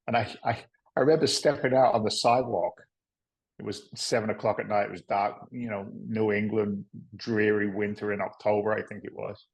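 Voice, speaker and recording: In a rough recording, a middle-aged podcast guest who invests in real estate swaps casual stories, candid and rambling, swearing occasionally and often adding "right?" His pitch is fairly low, his intonation fairly even, and he talks fairly quickly.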